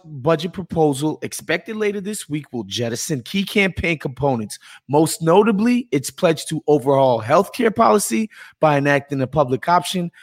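A man hosting a podcast with casual political commentary, talking in an animated, sarcastic way. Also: a little high. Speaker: podcast host.

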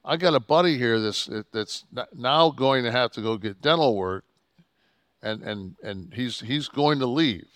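A man's voice: mid-range voice, measured pace, fairly bright tone, dry recording. Profane man telling a heated story. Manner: profane, heated, rambling with restarts. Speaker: podcast co-host telling a wrestling story. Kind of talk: casual storytelling chat.

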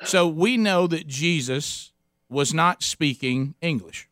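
A man hosting a podcast interview, halting and repeating himself, with a joking manner. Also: fairly high pitch, fairly bright tone, no echo, clean studio sound. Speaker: podcast host. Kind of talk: casual interview conversation.

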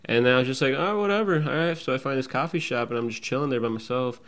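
A young man with a mid-pitched, everyday voice tells a story in a relaxed, slang-heavy way. He talks loosely among friends, in a plain casual chat. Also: fast talker. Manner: laid-back slangy storyteller, acts out his own panic in a high voice.

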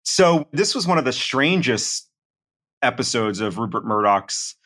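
A middle-aged man talking through a podcast discussion in a measured, analytical way, with many fillers. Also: medium pitch, sing-song, fairly bright tone. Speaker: reporter and podcast co-host.

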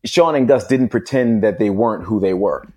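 A man's voice: on the low side, moderate pace, mellow. A man guesting on a podcast, talking thoughtfully in casual chat and laughing readily.

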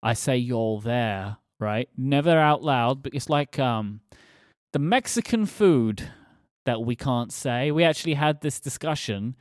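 A man's voice: medium pitch, animated, a little slow, dry recording, clean studio sound. A British man hosting a podcast, joking and teasing his co-host in casual chat. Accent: British English. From Britain. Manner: joking, teasing, laughs often.

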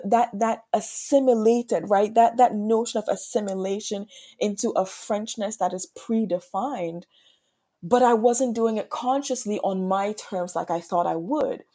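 Speaking at a measured pace in a mellow, medium-pitched voice, the guest on this podcast interview is a woman from Ghana who works as a French professor. She reflects as she goes, thinking aloud and frequently adding "right?".

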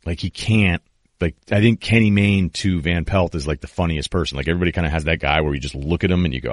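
A man's voice: sits low, no echo, studio quality. A man in his thirties hosting a sports podcast, telling stories in a rambling, casual way full of fillers and restarts. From New England. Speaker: podcast host.

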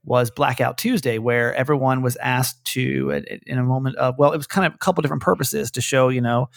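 A man's voice: mid-range voice, a little fast, creaky, no echo, clean studio sound. A man hosting a podcast with his mother, talking in a loose, chatty way and often restarting sentences. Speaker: podcast host. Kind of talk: casual chat.

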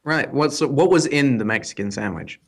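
A man's voice: mid-range voice, expressive, normal speed, slightly rough. A man co-hosting a podcast, answering in a dry, matter-of-fact way during casual banter. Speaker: podcast co-host.

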